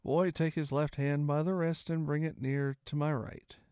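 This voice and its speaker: A man's voice: a little high, flat delivery, moderate pace, darkish tone, clear, resonant tone, no echo, clean studio sound, natural voice. A man doing a cruel blind old pirate beggar. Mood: menacing. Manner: cold, sneering menace. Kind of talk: storybook reading.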